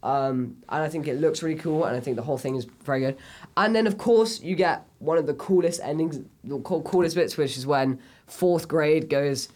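A man's voice: on the high side, normal speed, darkish tone. A man co-hosting a casual film review chat, enthusiastic and rambling with lots of fillers. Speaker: podcast co-host.

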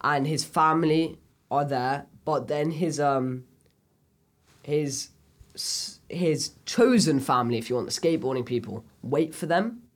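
A man's voice: on the high side, expressive, a little slow. A man co-hosting a casual film review chat, enthusiastic and rambling with lots of fillers. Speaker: podcast co-host.

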